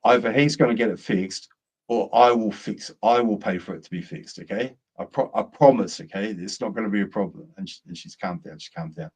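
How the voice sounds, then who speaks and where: A man's voice: lowish voice, a little fast, darkish tone, husky. A middle-aged man, co-hosting and telling a long rambling story in casual chat. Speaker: co-host.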